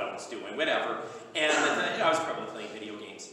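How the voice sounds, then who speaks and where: A man's voice: on the low side, lively intonation, fast talker, sharp tone, slight background noise. A man preaching a sermon as pastor, talking in a conversational, jokey way and acting out little everyday scenes. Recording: echoey hall, voice from far off.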